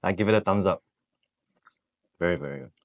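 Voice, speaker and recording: A man's voice: sits low, brisk. A man who tastes food and makes teasing, dry jokes in casual chat. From Malaysia. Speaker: husband tasting food.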